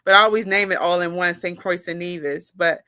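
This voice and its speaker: A woman's voice: fairly low pitch, steady tone, fairly quick, bright, forceful tone, smooth, dry recording, clean studio sound. A woman from the United States giving an informal, rambling talk, full of fillers and restarts.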